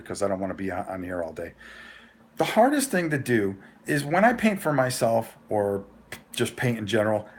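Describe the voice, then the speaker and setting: A man hosting a casual live vlog, telling a rambling, animated story with frequent restarts. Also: lowish voice, slightly rough. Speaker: host.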